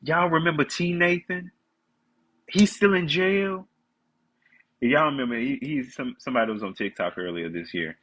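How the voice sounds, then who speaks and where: A man's voice: mid-range voice, brisk, hardly any pauses, pushed and bright, slightly rough, rough recording. A man with a congested voice, chatting candidly and ranting to viewers on a casual live stream.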